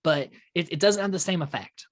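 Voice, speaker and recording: Fairly high-pitched and a little fast, a man co-hosting a podcast talks loosely about a horror film, often laughing and restarting what he says. The clean studio recording has no room sound, and the conversation is a casual movie review.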